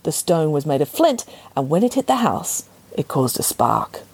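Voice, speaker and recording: A woman narrating a children's storybook in an expressive, playful way. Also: deep voice, moderate pace, slightly rough.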